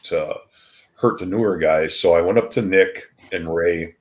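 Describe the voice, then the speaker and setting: An older man with a deep, low-pitched voice tells stories from his past in a casual, meandering way. He often stops and restarts his sentences and pads them with ums as he recalls details. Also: measured pace. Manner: rambling with frequent ums and restarts. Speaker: retired wrestler, podcast guest. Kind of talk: casual anecdotal storytelling.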